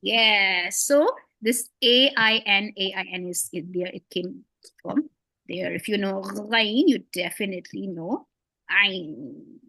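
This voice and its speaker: A woman's voice: mid-range voice, measured pace, bright, forceful tone, dry recording. A woman teaching beginners to read, patient and encouraging, with playful memory tricks and frequent praise. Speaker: Quran reading teacher. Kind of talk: one-on-one beginner lesson.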